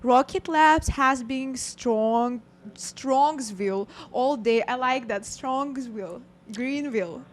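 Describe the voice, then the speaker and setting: A woman's voice: high voice, slow. Upbeat female trading co-host. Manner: upbeat, reads viewer messages. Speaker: co-host trader. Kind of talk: live trading show chat.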